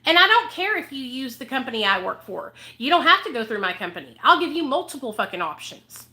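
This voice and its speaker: A woman with a high, bright voice vents to her viewers in a heated vlog rant. She swears freely and repeats herself for emphasis, speaking as someone who helps people in recovery. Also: big pitch swings, brisk. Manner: angry, profane, emphatic, repeats points. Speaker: recovery advocate vlogger.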